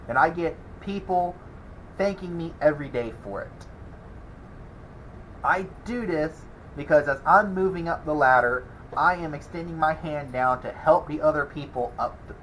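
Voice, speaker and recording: The welding channel host here has a slightly high, somewhat bright voice, and the rough recording carries a little hiss or hum. Talking casually to the camera, he rambles through a reply to a troll, chuckling in exasperation.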